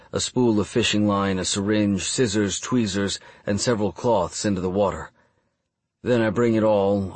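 A man reading a first-person audiobook narration in a measured, even storytelling delivery. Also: fairly low pitch, slightly rough, no echo.

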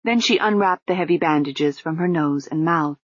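A woman narrating an audiobook in an even, measured reading. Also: sits low, breathy edge, no room sound, dull audio.

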